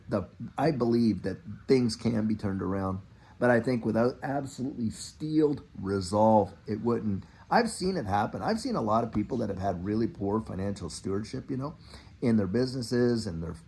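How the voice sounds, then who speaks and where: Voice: mid-range voice, slight background noise. A middle-aged finance channel host ranting in a casual commentary monologue, now and then mocking officials in a put-on voice. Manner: animated, ranting, mock-quoting officials.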